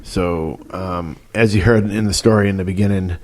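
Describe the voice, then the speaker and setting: Deep-voiced man from Massachusetts, casual co-host with relaxed, halting chat. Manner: relaxed, conversational, with hesitations.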